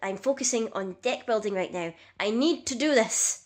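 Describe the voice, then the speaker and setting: A woman's voice: a little high, normal speed. A young woman vlogging casually in a chatty, self-mocking and dramatic way. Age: young adult. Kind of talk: casual comedic vlog.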